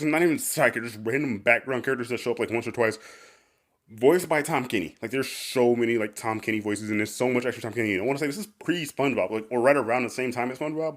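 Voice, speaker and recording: A man's voice: mid-range voice, fairly bright tone. A man hosting a casual podcast, rambling with lots of fillers and laughing often. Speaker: podcast host.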